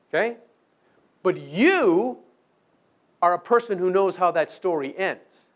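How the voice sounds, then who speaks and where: A male pastor preaches a sermon in a loose, conversational style, slowly and with many pauses, often asking listeners "okay?". His slightly high voice rises and falls with lively intonation, and he briefly acts out short dialogues with the accuser to make his point. The recording sounds muffled.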